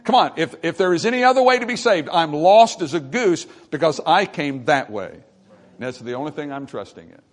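A man preaching a sermon to his congregation, swinging between quiet, intimate stretches and loud, emphatic ones. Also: fairly high pitch, animated, moderate pace. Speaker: pastor. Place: church sanctuary.

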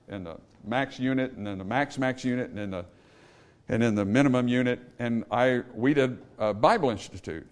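A man preaching a Baptist sermon, emphatic, swinging between loud peaks and low trailing endings, calling for amens from the congregation. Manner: calls for amen from the congregation. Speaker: Baptist pastor.

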